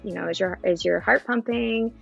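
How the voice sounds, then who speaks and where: This podcast guest, a woman in her thirties who is a mother, has a mid-range, husky voice with vocal fry and talks at normal speed. Her casual chat is thoughtful, with lots of fillers and false starts. The sound is lo-fi, with soft music behind her.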